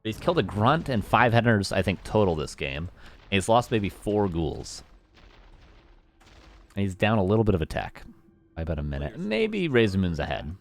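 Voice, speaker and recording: Deep-voiced man calling a strategy game. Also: very animated, moderate pace, creaky, pauses often, faint music behind. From Canada. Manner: self-mocking, chatty, thanks viewers by name. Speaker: esports caster. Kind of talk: live game commentary.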